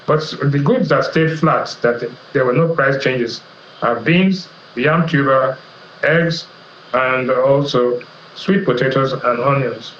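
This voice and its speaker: Middle-aged nigerian guy on a tv business show, steady explainer voice, bit roomy and dull sound. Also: mid-range voice, slight background noise. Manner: measured, explanatory, lists figures. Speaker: economist guest. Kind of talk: economic analysis interview. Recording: roomy, slightly dull TV audio.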